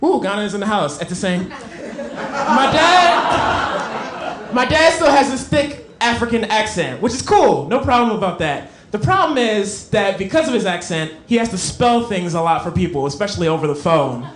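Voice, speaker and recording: A young adult man doing a stand-up set on a comedy club stage, telling stories in an animated way and breaking into emphatic shouts. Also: high-pitched, normal speed. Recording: echoey club with crowd laughter.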